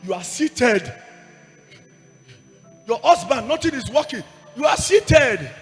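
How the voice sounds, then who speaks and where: A Nigerian man preaching a sermon to a congregation in Nigerian English, shouting repeated lines and calling for responses. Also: very high voice, very animated, slow, big-room sound, faint music behind. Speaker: evangelist preacher. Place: church service with congregation.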